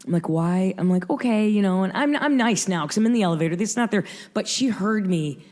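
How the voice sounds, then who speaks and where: A woman in her fifties from Michigan, a radio host telling an anecdote in a rapid, breathless way, acting out quotes as she goes. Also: medium pitch, animated, a little mellow. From Michigan, USA. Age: 50s.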